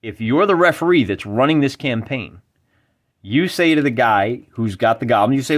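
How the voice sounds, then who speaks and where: A man's voice: mid-range voice, animated, normal speed. A man hosting a wargaming video, talking casually and enthusiastically while reading rules aloud. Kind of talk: casual explanatory talk.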